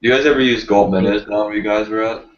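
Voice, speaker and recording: A man's voice: on the low side, steady tone, fast talker. A man hosting a casual fishing live stream, laid-back and rambling with fillers. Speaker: fishing channel host. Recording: roomy muffled stream audio.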